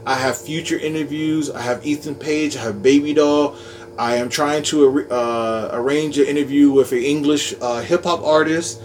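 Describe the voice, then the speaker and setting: A man's voice: on the high side, fairly even intonation, a little hiss or hum. A man hosting a casual podcast, upbeat and jokey, wrapping up the show with thanks and plugs. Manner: upbeat, jokey, spells out handles slowly. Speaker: podcast host.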